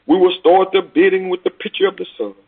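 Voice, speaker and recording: A man's voice: high voice, fairly even intonation, fast, breathy edge, pitched above the performer's own voice. A man voicing a persistent male auctioneer calling for bids insistently, on a tinny phone-like recording.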